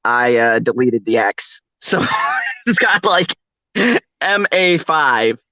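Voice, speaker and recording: A man's voice: medium pitch, animated, takes it slowly, sharp tone, dry recording, dull audio. A man hosting a casual late-night chat, rambling and laughing often. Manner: laughs often, rambling, does a mock Australian accent. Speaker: podcast host.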